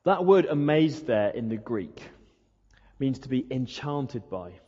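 A man's voice: mid-range voice, sing-song, slow pace, mellow, breathy edge. A man preaching a sermon, acting out questions and prayers in a rhetorical way. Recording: dull echoey hall.

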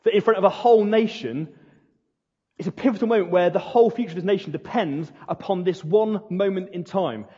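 A man's voice: high voice, brisk, dark tone, husky. A male pastor preaching a sermon, retelling a story in an earnest, emphatic way. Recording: dull lo-fi recording in a reverberant hall.

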